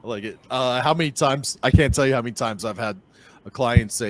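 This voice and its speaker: A man's voice: medium pitch, a little fast, a little hiss or hum. A man with a Boston accent hosting a podcast interview, upbeat and chatty, often repeating his phrases. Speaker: podcast host. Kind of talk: casual interview.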